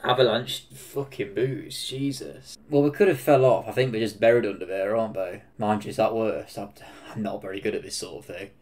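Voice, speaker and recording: A man with an English Midlands accent reacting to a film, excitable, swearing and laughing often. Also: fairly low pitch, a little fast, few pauses, slight background noise. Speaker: reaction video host. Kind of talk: casual reaction commentary.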